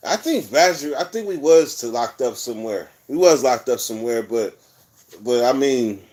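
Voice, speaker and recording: A man's voice: medium pitch, animated, moderate pace, a little mellow. Profane, rambling man. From California. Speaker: vlogger telling prison stories. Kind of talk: casual storytelling monologue.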